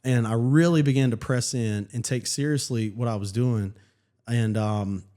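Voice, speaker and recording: A man, a pastor, telling his personal story in casual conversation, earnest and halting with many restarts. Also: mid-range voice, warm tone. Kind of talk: personal testimony in casual chat.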